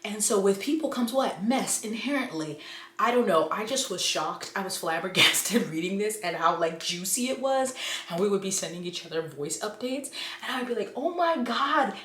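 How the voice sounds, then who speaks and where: A woman chatting casually and excitedly about books she loves, acting out her own reactions. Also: lowish voice. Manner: gushing, animated, quotes her own reactions. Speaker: book vlogger. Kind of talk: casual book review chat. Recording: echoey room with faint noise.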